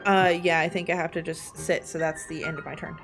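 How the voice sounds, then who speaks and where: A woman's voice: low-pitched, flat delivery, a little fast, gravelly. A woman playing in a tabletop game, thinking aloud hesitantly while she plans her turn, with music playing underneath. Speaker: player. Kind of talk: tabletop game play, casual chat. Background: background music.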